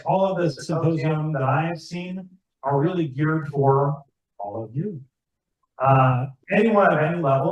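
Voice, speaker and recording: A man giving a rambling, chatty talk to a club audience, asking the room questions as he goes. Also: fairly high pitch. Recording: far-off, echoey, muffled room recording.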